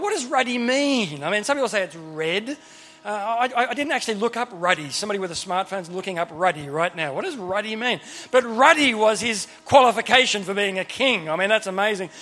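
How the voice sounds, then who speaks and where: A man preaching a sermon to a crowd, a lively storyteller who acts out Bible characters and adds humorous asides and questions to the audience. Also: high voice, fairly quick. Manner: speaks to a crowd with frequent questions.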